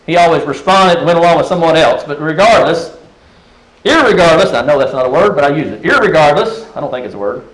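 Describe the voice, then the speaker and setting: High-voiced man preaching a sermon. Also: animated, fast talker, fairly bright tone, rough recording. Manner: conversational, asks the congregation rhetorical questions; frequent restarts and fillers.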